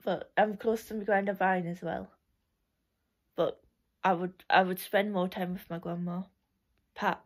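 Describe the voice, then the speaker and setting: A woman's voice: on the low side, steady tone, a little slow, pauses often. A young woman reminiscing in a casual, rambling way, full of "like" and restarts, often laughing.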